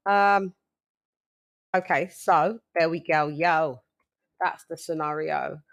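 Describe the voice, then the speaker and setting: A woman hosting a casual live stream, calling out members in playful, sing-song shout-outs. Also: low-pitched, slow pace. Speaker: show host.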